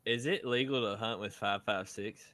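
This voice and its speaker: A man co-hosts a podcast and trades sarcastic jokes in casual chat. His voice sits fairly low. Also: steady tone, moderate pace, a bit bright. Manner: joking, sarcastic. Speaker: podcast co-host.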